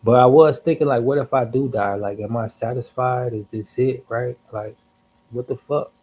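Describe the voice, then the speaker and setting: A man's voice: medium pitch, fairly even intonation, moderate pace, a little mellow, breathy edge, poor audio. A young man on a livestream telling a personal story in a loose, slangy, profane way, with asides and restarts. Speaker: livestream host.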